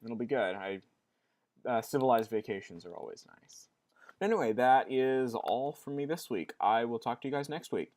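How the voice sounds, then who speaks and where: A man's voice: mid-range voice, moderate pace, darkish tone. A young man talking casually in a weekly vlog, rambling and restarting his sentences often. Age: young adult. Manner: rambling, with many restarts and fillers. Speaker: vlogger.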